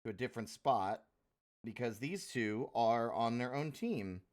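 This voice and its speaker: A man's voice: medium pitch, expressive, a little slow, darkish tone. A young adult man livestreaming, thinking aloud in a rambling casual way as he organizes his work. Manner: rambling, self-talking while organizing.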